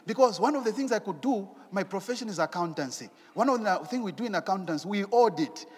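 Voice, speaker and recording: High-pitched guy preaching, lively, repeats himself, echoey church hall. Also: fairly quick, breathy edge. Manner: animated, rhetorical questions, repeats phrases. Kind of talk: sermon.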